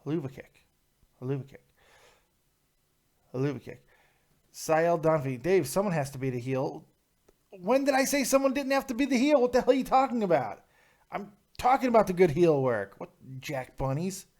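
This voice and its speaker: A man with a fairly high voice hosts a live call-in review. He talks in a brash, profane, mocking way, firing back at chat comments in casual rants. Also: darkish tone. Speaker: show host reviewing wrestling.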